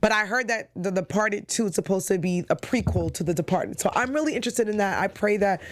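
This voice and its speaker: A woman's voice: medium pitch, brisk. A woman hosting a TV recap show in a casual, chatty and enthusiastic way, with frequent fillers. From New York.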